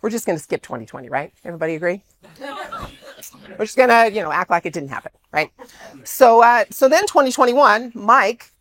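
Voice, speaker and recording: A woman speaking to an audience, telling a story in an animated way and acting out the dialogue. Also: medium pitch, a little fast. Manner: animated, exclaims often, acts out quoted dialogue.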